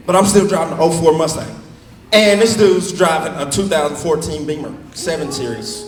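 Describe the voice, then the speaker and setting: A young man on a comedy stage spins a stand-up story, his voice high for a man and swinging widely as he acts out the people in it. He sounds set back from the mic in a roomy hall. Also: fast talker, far from the mic. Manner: animated, acts out characters in shifting voices.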